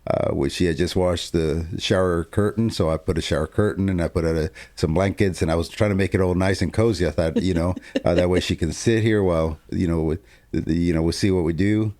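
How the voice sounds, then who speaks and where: A man telling a family story in a casual, animated way, laughing often and acting out what people said. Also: deep voice, a little fast. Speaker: co-host telling his testimony.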